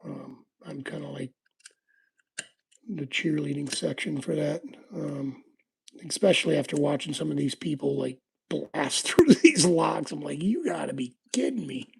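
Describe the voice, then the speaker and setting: A man hosting a laid-back livestream, talking to his viewers while he works on a lock. His voice is gravelly and quite husky, and he rambles through stories with plenty of ums and likes. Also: a little high, unhurried. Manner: rambling, laid-back storytelling with frequent fillers. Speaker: livestream host. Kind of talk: casual livestream chat while lockpicking.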